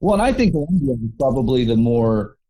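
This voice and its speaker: A man telling travel stories in a relaxed, rambling way as an interview guest, acting out the people he met. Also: mid-range voice, brisk, a crowd in the background. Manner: relaxed, rambling with restarts and acted-out quotes. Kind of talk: casual storytelling interview.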